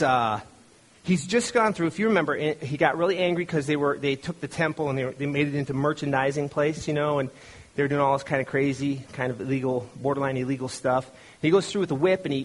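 A middle-aged male pastor with a somewhat high, husky voice. He preaches in a relaxed, conversational way and tells the story as he goes. He stumbles and restarts often and slips into other voices for the people he quotes. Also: fairly quick. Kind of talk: conversational sermon.

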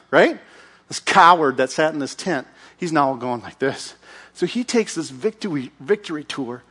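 Casting: animated male preacher, high voice, acts out every character. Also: unhurried, husky. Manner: lively, acts out characters with shouts and sound effects. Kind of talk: animated Bible storytelling sermon.

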